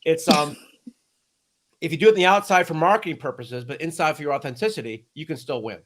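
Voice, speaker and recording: An American man chatting as a guest, his voice sitting a bit high for a man. He is animated and joking, laughing easily between points. It is loose, casual talk. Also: a little fast. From United States. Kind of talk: casual chat.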